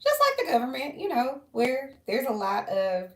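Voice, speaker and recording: A woman's voice: high-pitched, huge pitch swings, moderate pace, echoey room. A woman chatting casually on her vlog in a rambling way, jumping between side stories. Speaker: social worker and vlogger. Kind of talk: casual chat.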